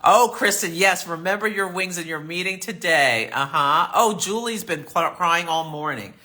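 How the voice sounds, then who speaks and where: A man's voice: high-pitched, moderate pace, bright, forceful tone. A man hosting a live astrology reading, chatty and affirming as he answers viewer comments. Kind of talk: live-stream reading and chat.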